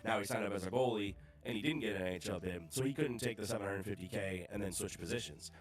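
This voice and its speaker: Low-voiced man explaining league rules. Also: fast. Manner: rambling, many restarts. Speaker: league commissioner. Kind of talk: casual chat explaining rules.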